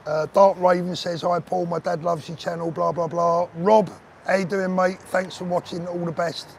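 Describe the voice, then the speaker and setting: A man's voice: fairly high pitch, creaky, a little hiss or hum. A man hosting a casual live stream while walking outdoors, chatting to viewers by name in a bantering way. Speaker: vlogger host reading live chat. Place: outdoors on a street.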